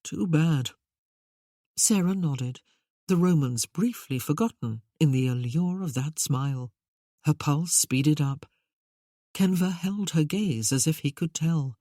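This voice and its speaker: A measured audiobook narrator with a mid pitch. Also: mellow, no echo, studio quality. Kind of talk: scripted novel narration.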